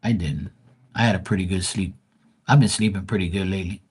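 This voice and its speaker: A man's voice: low voice, brisk, a little mellow, breathy edge. A man reading tarot cards and chatting casually with viewers on a live stream, calling them by name and swearing lightly.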